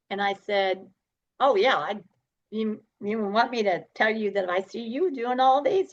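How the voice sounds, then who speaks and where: Middle-aged woman guest, storyteller who acts out dialogue, mid pitch, muffled recording. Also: a little slow. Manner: animated, acts out dialogue, laughs often. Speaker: podcast guest. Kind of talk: storytelling interview.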